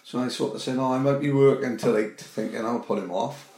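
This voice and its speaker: A man's voice: mid-range voice, fairly even intonation, a little fast, a little mellow. A man, co-hosting a podcast, ranting sarcastically and swearing constantly in casual chat. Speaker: podcast co-host. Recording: roomy echo.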